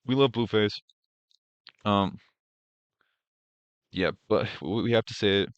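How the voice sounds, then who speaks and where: A male streamer reacting to clips in a blunt, profane rant, stumbling and restarting as he talks. His voice sits a little low and sounds dry and close, with no room around it. The mic is slightly dull and lo-fi. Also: slow, dry recording. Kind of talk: casual reaction commentary.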